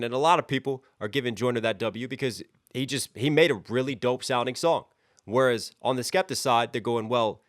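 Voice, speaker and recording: An energetic man talks through a rap track, stopping to unpack each line with lively commentary. His voice sits at an ordinary middle pitch. The sound is close and dry, with no room around it. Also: dry recording. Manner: energetic, breaks down lyrics line by line. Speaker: reaction channel host. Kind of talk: music reaction commentary.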